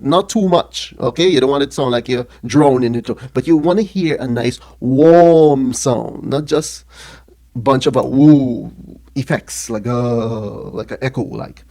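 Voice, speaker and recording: A man's voice: mid-range voice, darkish tone. A man reviewing an audio mixer in a casual hands-on demo, talking into a studio mic run through the unit and checking in with the viewer after nearly every phrase. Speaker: product reviewer. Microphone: speaking into a studio mic run through the mixer being tested.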